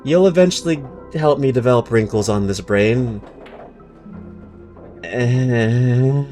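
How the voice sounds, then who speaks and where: A young man streaming a game, chatting with viewers in a self-mocking, animated way that jumps into high exclamations. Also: takes it slowly, faint music behind. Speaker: streamer and voice actor. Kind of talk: casual live-stream chat while playing.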